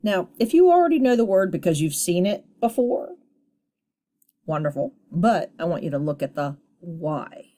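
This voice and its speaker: A woman's voice: on the low side, sing-song, normal speed, warm tone. A woman teacher giving a phonics lesson to children, patiently sounding out syllables and encouraging her students.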